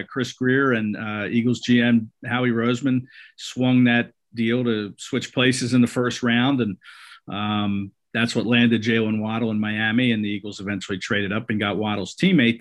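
A man's voice: mid-range voice, fairly bright tone. A man hosting a casual sports talk show, conversational, with many fillers and restarts. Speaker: sports podcast host.

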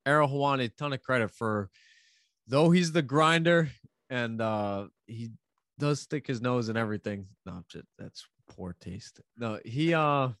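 A man's voice: mid-range voice, animated, unhurried, a bit bright, no room sound. A man co-hosting a casual podcast chat, telling stories in a profane, rambling way. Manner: profane, storytelling with rambling restarts. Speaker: podcast co-host covering MMA betting.

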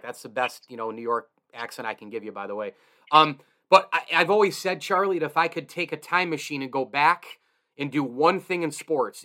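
A man's voice: medium pitch, pushed and bright. A man hosting a sports radio interview, effusive and openly enthusiastic toward his guest. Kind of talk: casual interview.

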